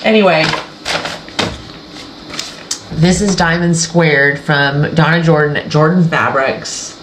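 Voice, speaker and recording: A woman hosting a sewing channel, chatting casually and rambling as she shows her quilting project. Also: low-pitched. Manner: rambling, self-interrupting, chatty. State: tearful, emotional. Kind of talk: casual sewing vlog chat. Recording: echoey room with faint background noise.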